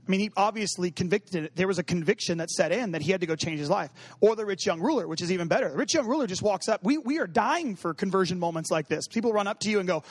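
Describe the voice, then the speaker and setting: A man with a notably high voice preaches in a loose, joking way, dropping into quick acted-out dialogues and fillers. The sound is dry and close, with almost no room echo. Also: animated. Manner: humorous, acts out quoted dialogue; conversational, many fillers like 'you know what I mean'. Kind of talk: casual sermon.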